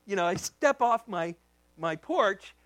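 A man preaching as a pastor, telling a story in an animated way and acting out the voices in it. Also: sits high, measured pace, dry recording. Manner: animated, acts out voices in his stories. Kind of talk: storytelling sermon.

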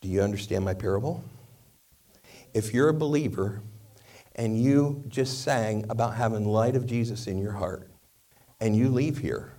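A man's voice: lowish voice, moderate pace, long pauses. A male preacher telling a parable in a sermon, acting out every part of the dialogue. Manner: animated storyteller acting out dialogue. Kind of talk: sermon storytelling. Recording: voice a bit far from the mic.

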